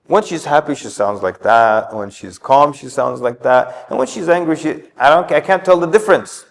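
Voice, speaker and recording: A man's voice: on the high side, lively intonation, moderate pace, gravelly. Man storytelling in a reverberant mosque hall. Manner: storytelling, acts out quotes. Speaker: community speaker. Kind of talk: informal religious talk on parenting.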